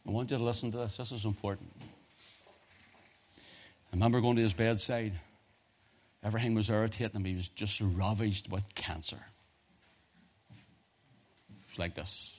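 Preaching a sermon in a voice on the low side, a man tells a personal story in hushed tones before rising into loud preaching.

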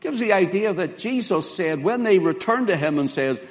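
A man's voice: sits high, animated. A man preaching a sermon in an earnest, emphatic way, quoting scripture in King James phrasing. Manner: earnest, emphatic preaching with slow spelled-out words and dramatic quoted lines.

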